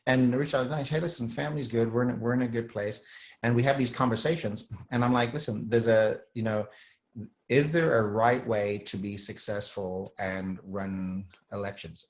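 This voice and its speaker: A middle-aged man hosting a show, talking in a rambling casual monologue with frequent throat clearing and restarts. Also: medium pitch, steady tone, moderate pace, rough recording. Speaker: host.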